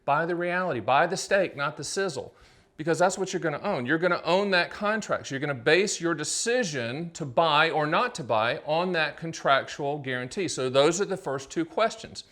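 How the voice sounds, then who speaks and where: A middle-aged man with a slightly raised voice talks straight to camera, hosting his own explainer show. He drives his points home in punchy, salesy bursts, firing rhetorical questions and tossing in quick asides before snapping back on track. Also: on the high side, expressive, a bit bright. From United States. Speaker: annuity agent and show host. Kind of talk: energetic solo explainer to camera.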